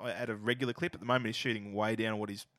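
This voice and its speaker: A man's voice: on the low side, steady tone, rapid-fire, a bit bright, no room sound. An Australian man co-hosting a basketball podcast in casual, profane, opinionated chat. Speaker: podcast co-host.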